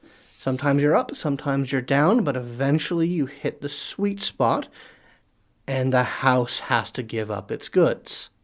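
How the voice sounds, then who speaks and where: A game master voicing a calm, scheming long-lived husband. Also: mid-range voice, a little slow, lightly acted. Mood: condescending. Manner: calm, condescending reassurance. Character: patient, scheming long-lived male gambler.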